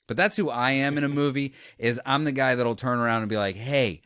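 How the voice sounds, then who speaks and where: A man hosting a casual podcast chat, telling stories in an animated way and acting out scenes. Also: medium pitch, fast talker, clean tone, no room sound, clean studio sound. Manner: animated storyteller, acts out scenes. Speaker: podcast host.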